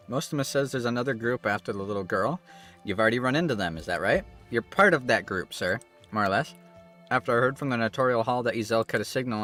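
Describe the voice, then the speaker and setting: A sly, flirtatious male agent, as a man reads his lines aloud in a teasing, easygoing way. The pitch sits in a middling range for a man. Soft music plays faintly underneath. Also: natural voice. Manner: teasing, easygoing line reading. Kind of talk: reading game dialogue aloud.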